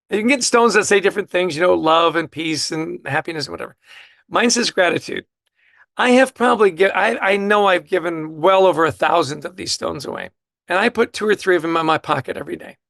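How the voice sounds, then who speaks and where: A middle-aged man telling lively stories with enthusiasm as a guest author in a casual interview. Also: high-pitched, creaky, dry recording. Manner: animated, enthusiastic anecdote teller.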